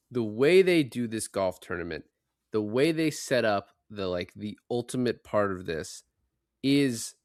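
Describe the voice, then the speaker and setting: A man hosting a casual movie-review podcast, excitedly recounting scenes and swearing freely. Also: on the low side, no room sound, studio quality. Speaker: podcast host.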